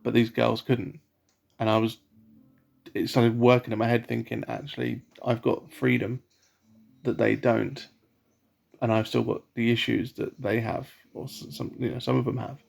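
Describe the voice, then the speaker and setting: Soft-spoken man with a gravelly, flat voice. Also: mid-range voice, moderate pace. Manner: rambling, with many fillers and restarts. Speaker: vlogger. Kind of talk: casual personal story.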